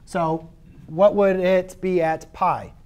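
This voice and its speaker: A man's voice: sits high, steady tone, takes it slowly, a little mellow. A man teaching a math class in a conversational way. He asks his students questions and corrects his own slips as he goes. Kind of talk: classroom lecture.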